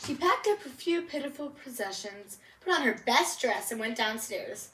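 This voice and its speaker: A woman reading a picture book aloud, expressive and shifting her voice for each character. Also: fairly high pitch, moderate pace, hardly any pauses, echoey room, distant mic, a little hiss or hum, rough recording. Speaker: guest reader.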